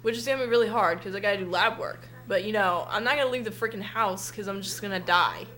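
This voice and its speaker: A woman's voice: mid-range voice, fast talker, a bit bright, soft background music, low-quality recording. Young woman venting into her webcam at home, rambly, lots of "like", swears a bunch, super dramatic. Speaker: vlogger. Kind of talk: casual ranting vlog to a friend.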